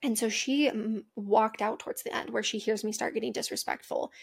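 A woman's voice: fairly high pitch, fairly even intonation, a little fast, gravelly, breathy edge. A young adult woman hosting a podcast, telling a personal story in a chatty way with lots of asides. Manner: chatty, with frequent "like" and "mind you" asides. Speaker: podcast host.

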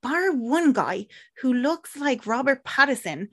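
With a high-pitched, unhurried voice, a young Irish podcast co-host retells a movie casually. She is an animated storyteller, acting out characters and swearing freely.

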